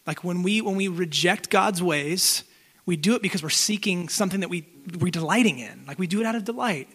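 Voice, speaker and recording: A man in his thirties preaching a sermon in a casual, conversational way, asking the congregation direct questions and pausing to let them reflect. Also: high voice, animated, fairly bright tone. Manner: conversational, direct, asks questions, pauses to let listeners think. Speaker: pastor.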